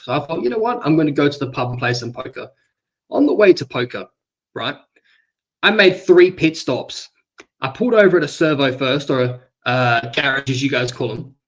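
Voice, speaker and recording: A man with an Australian accent, hosting a stream and telling a long, crude, animated story full of swearing. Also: medium pitch, lo-fi sound. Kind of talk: casual chat, storytelling.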